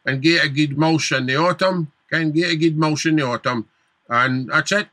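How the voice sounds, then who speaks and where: A Scottish man gives practical gardening advice in a very bright, sharp voice, a little higher than most men. He sounds down-to-earth, and the sound is dry and close to the mic. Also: normal speed, no room sound. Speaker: gardening expert. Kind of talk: radio advice chat.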